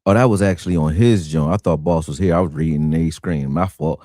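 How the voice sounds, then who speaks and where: Casting: man from Philadelphia, deep low voice, slangy animated sports-stream host, dry close sound. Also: a little fast, no echo. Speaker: sports talk show host. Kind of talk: casual sports talk stream.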